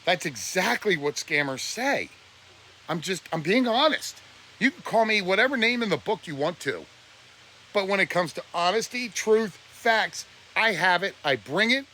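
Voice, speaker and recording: A man lecturing his viewers on a live stream, blunt and preachy, sounding close to tears. His voice sits a little high and swoops up and down. Faint noise hums under the phone mic. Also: expressive, moderate pace, sharp tone. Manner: preachy and blunt, voice breaking with emotion. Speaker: livestreamer. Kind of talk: emotional live-stream rant.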